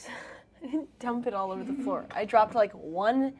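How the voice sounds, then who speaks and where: A woman's voice: a little high, normal speed, a loud crowd. A woman chatting on a live stream, playful and teasing as she bickers back. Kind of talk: bickering livestream chat.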